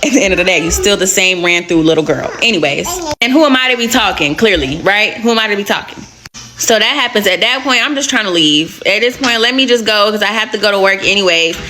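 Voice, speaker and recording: A young woman talks straight to her camera, retelling her story in frank, slangy, unfiltered words. Her voice sits at a middle pitch and she keeps the tone casual throughout. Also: expressive, quick pace, pushed and bright. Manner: candid, slangy, blunt retelling.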